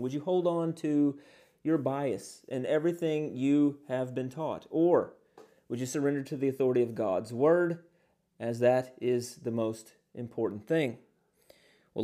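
A man teaching as a pastor in an earnest sermon, pausing often on fillers and posing many rhetorical questions. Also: mid-range voice, warm tone.

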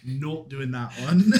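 A young man in the middle of a tabletop game session, talking loosely with friends at an ordinary pitch. He laughs constantly and drops curse words without a second thought. His delivery is casual and unpolished. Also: mellow. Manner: laughs a lot, swears casually. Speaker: player creating a paladin. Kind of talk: casual chat.

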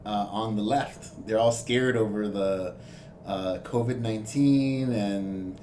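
A man in casual podcast chat, relaxed and hesitant, with many fillers. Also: on the low side, slow. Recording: clear background noise.

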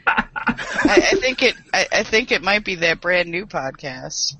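A woman co-hosting a casual podcast, hoarse after a night of drinking and singing, easygoing and giggly. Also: fairly low pitch, sing-song, a little slow, sharp tone. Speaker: co-host.

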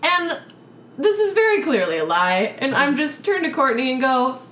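A woman co-hosting a casual movie podcast, relaxed and agreeable, filling in scene details. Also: sits high, normal speed. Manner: relaxed, agreeable, lots of "yeah". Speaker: podcast co-host. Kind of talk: casual movie recap chat. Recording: echoey room with faint noise.

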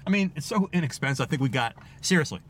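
A man's voice: a little high, expressive, quick pace. A man hosting his podcast, talking casually to himself in a car, self-mocking and laughing often. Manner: chatty, self-mocking, laughs often, bursts into playful shouts. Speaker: podcast host. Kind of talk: casual personal monologue.

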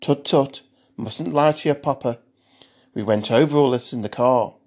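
A man doing a soft-spoken leering predator. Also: medium pitch, moderate pace, lightly acted. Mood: menacing. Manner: soft, leering, mock-fatherly. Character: menacing well-dressed man, cooing predator.

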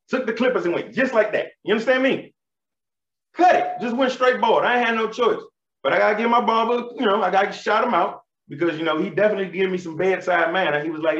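A man in his thirties doing stand-up comedy, telling animated, profane stories in street slang. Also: high voice, fast. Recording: roomy, slightly dull live recording.

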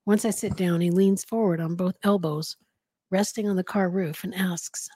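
A woman's voice: fairly low pitch, steady tone, normal speed, mellow, slightly rough, dry recording, studio quality. A woman hosting a podcast, reading a novel aloud in a casual way with giggly asides. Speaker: podcast host and reader.

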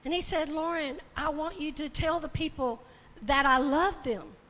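A woman preaching a sermon with passion, building to shouting and tearful cries. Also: sits high, normal speed, a little hiss or hum. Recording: long hall reverb, faint ambience.

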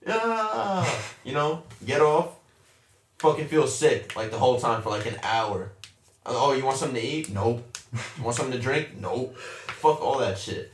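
A young man talks casually and curses freely, spinning an animated, slangy story with his friends. His voice sits mid-range. It comes through a roomy space, a little off the mic. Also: medium pitch, normal speed, slight background noise. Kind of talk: casual chat. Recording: roomy echo, a bit far from the mic.

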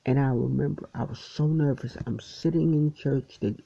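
Earnest male storyteller with a husky, gravelly tone, emotional and halting, muffled lo-fi sound. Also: mid-range voice, fairly even intonation, dark tone. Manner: earnest, emotional, repeats and restarts phrases. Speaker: poet sharing testimony. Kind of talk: personal storytelling. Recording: dull lo-fi recording.

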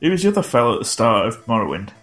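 Man with dry, lively asides. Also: medium pitch, very fast, soft background music. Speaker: podcast co-host. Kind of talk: casual chat.

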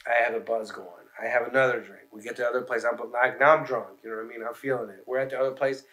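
A man's voice: mid-range voice, fairly even intonation, rapid-fire, bright, forceful tone. A man on a podcast telling long, rambling, profane stories in casual chat.

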